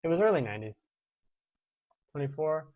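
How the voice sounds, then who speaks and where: A man's voice: a little high, lively intonation, normal speed, no echo. Young guy hosting a gaming show, rambly, kinda muffled lo-fi audio. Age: 20s. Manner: rambling, restarts, chuckles. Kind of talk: casual chat reading viewer comments.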